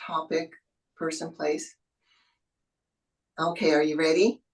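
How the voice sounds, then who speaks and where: Soft-spoken woman giving a tarot reading. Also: low-pitched, level tone, slow, low-quality recording. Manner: soothing, encouraging, spiritual phrasing. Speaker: tarot reader. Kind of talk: intuitive tarot reading in a video interview.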